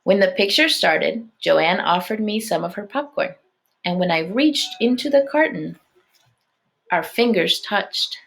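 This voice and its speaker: Gravelly-voiced woman teacher reading aloud. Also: mid-range voice, animated, a little slow, a bit bright. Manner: checks in with listeners, explaining. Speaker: elementary school teacher. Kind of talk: reading a chapter book aloud to a class.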